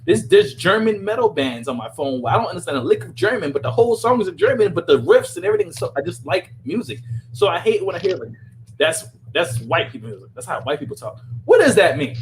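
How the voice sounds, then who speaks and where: A man's voice: high-pitched, big pitch swings, fast talker, slight background noise, rough recording. A man with a Southern Louisiana accent chatting on a podcast, emphatic and rambling, repeating words when he gets heated. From New Orleans, Louisiana. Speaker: podcast host. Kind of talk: casual podcast chat.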